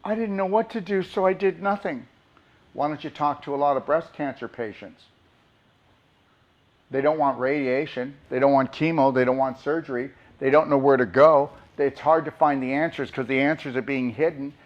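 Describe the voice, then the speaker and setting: A man's voice: mid-range voice, fairly even intonation, moderate pace, dull audio. A man, a doctor, giving an impassioned motivational talk and pressing his audience with rhetorical questions.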